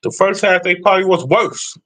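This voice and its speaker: A man's voice: sits high, a little slow, fairly bright tone. A man ranting casually about football predictions, blunt and profane as he answers his chat. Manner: profane, blunt, trash-talking. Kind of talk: casual sports rant.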